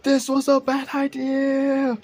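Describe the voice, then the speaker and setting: A man's voice: a little high, quick pace, gravelly, breathy edge, heavily acted. A man voicing a panicky teenage girl demigod who shrieks and swears. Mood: panicked. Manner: shrieking, then gasping and swearing.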